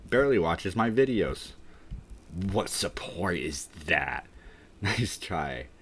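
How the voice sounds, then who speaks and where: A deep, slightly rough voice with a fairly bright tone moves slowly through big pitch swings. The man, hosting a laid-back livestream, is tired and parched from the heat and rambles while reading chat out loud. His self-deprecating asides tend to end in an unsure "I don't know."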